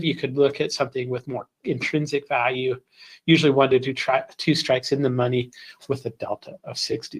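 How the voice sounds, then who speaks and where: Chatty man presenting a trading webinar. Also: mid-range voice. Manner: casual, chatty, with many fillers and restarts. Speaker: software presenter. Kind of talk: live webinar product demo.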